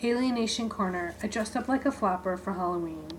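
A woman giving a deadpan spoken-word reading of her own short writings, in clipped, list-like phrases. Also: medium pitch, a little fast, slight background noise, low-quality recording.

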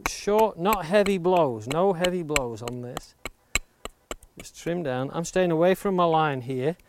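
This woodworking instructor demonstrates axe carving outdoors near the coast, explaining in a steady, patient, safety-minded way. He speaks on the high side at an unhurried pace. A little hiss or hum runs under the recording, along with clicking axe chops.

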